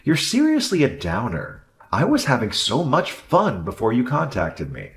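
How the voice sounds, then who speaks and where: A man's voice: medium pitch, wildly swooping pitch, moderate pace, creaky. A man voicing a selfish, arrogant husband who blames his wife, speaking in a dismissive, condescending way. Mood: scornful. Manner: dismissive and condescending, later whiny. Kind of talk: narrated drama story dialogue.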